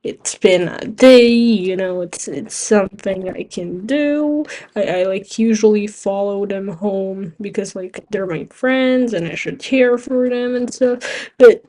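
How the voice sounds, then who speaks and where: A woman's voice: medium pitch, slow pace, dark tone. A teenage girl who is not a native English speaker, telling a rambling story with giggles and restarts while playing a game. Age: teens. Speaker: gaming vlogger. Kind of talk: casual storytelling over gameplay.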